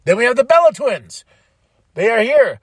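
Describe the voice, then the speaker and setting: A man hosting a podcast, excitedly recapping a wrestling show in casual chat, laughing and swearing freely. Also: very high-pitched, normal speed, no room sound. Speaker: podcast host.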